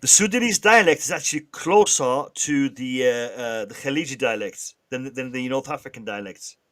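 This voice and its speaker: A man's voice: medium pitch, moderate pace. Chatty man hosting a live stream. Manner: lively, banters with chat, many restarts. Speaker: livestream host. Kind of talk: casual live-stream chat.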